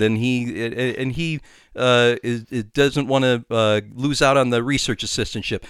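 A man co-hosting a podcast, rushing through a plot recap with many fillers and restarts and quick character voices. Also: medium pitch, steady tone, fairly bright tone, clean tone, dry recording, clean studio sound. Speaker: podcast co-host. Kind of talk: casual podcast chat, rushed plot recap.

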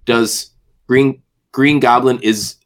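A man co-hosting a podcast, talking in a relaxed, agreeable way during a casual chat. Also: mid-range voice, takes it slowly. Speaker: podcast co-host.

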